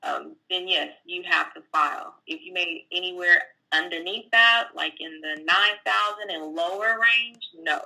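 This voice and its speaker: Woman tax pro, gravelly, very bright tone, low-pitched, plainspoken explainer. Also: steady tone, measured pace, hardly any pauses, low-quality recording. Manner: plainspoken, explains step by step with fillers. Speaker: tax professional guest. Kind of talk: casual explanatory talk. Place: California.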